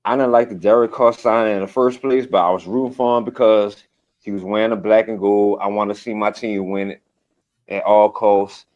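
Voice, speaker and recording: A low-voiced man calls in with blunt, emphatic, slangy opinions. His voice comes through a dull, lo-fi call line. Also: steady tone, moderate pace. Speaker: call-in guest. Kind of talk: casual sports opinion.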